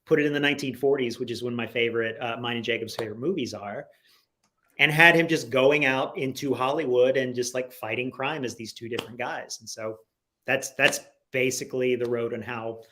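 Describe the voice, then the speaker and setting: A man as a guest in a casual interview, talking in an animated, rambling way full of "like"s, on a video call from home. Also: mid-range voice, a little fast. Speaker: guest comic writer.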